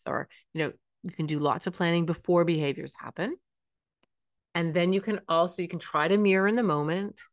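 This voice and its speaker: Earnest low-voiced woman giving parenting advice. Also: fairly even intonation, fairly quick, dry recording. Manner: earnest, reassuring, acts out parent lines. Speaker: parenting podcast host. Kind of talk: advice monologue.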